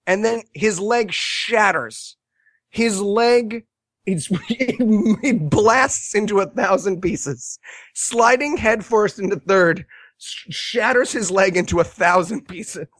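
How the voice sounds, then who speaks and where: A man casually retelling a movie's scenes with sarcastic jokes, animated and quick to mock. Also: high voice, dry recording. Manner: sarcastic, animated storytelling with quoted asides. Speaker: podcast co-host reviewing a movie. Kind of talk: casual comedic movie review chat.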